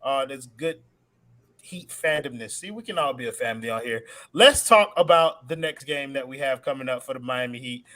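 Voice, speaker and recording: A man hosting a casual basketball postgame show, loud and joking, often laughing. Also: mid-range voice, expressive, moderate pace. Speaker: podcast host. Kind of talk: casual sports talk show.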